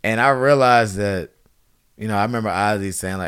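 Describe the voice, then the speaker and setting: A man in his thirties tells a story in relaxed conversation. His voice sits low and sounds clear and smooth. He acts out the people he quotes by raising his voice. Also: fairly quick, no echo, studio quality. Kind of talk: casual chat.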